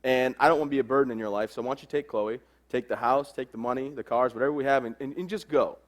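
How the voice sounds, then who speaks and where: A man's voice: medium pitch, fast talker. A man in his twenties giving a humorous motivational speech, telling a story and acting out the dialogue. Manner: joking storyteller, acts out quoted dialogue. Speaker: motivational speaker.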